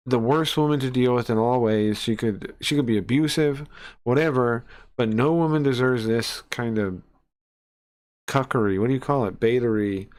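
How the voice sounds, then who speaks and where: A man's voice: mid-range voice, a little mellow. Brash, swearing young man ranting. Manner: brash, profane, mocking, with many restarts and fillers. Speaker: streamer. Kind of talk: casual reaction commentary.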